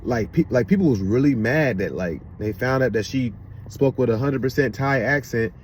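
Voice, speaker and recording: A man's voice: mid-range voice, normal speed. Rambling man from the DC area, faint car noise. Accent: Washington DC area. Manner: rambling, with repeated fillers. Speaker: commentator. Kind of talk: casual commentary. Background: loud car passing outside.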